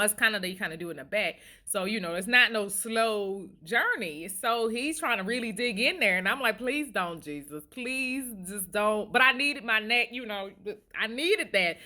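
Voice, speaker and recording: A woman's voice: medium pitch, bright, forceful tone. A woman vlogger telling a funny story casually to the camera, laughing often, recorded on a handheld phone.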